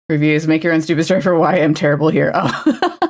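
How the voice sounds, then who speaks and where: A woman's voice: deep voice, darkish tone. A woman streaming while she paints a miniature, chatting casually and playfully, cooing baby talk at her pet. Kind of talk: casual chat while crafting.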